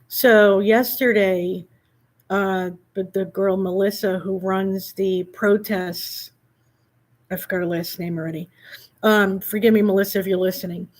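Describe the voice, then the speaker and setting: A woman hosting a casual talk show, telling an animated, indignant story and quoting back and forth what was said. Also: medium pitch, a little slow. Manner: animated storytelling, indignant, quotes others in conversation.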